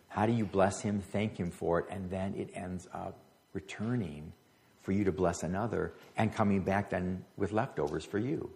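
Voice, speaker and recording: Low-voiced guy pastor preaching, loose and chatty, stumbles on words sometimes. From United States. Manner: conversational, stumbling over words. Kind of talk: sermon.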